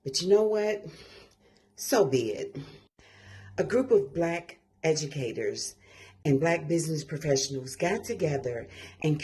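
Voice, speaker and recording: A woman's voice: low voice, mellow, slight background noise. A woman ranting angrily to camera, emotional and swearing hard. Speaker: commentator. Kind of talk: angry vlog rant.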